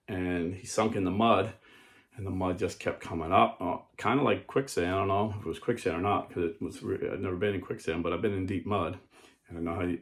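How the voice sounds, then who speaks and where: A man's voice: low-pitched, fairly bright tone. A man preaching an earnest sermon and telling a parable, often restarting and repeating words. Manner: tells a parable. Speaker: Catholic preacher.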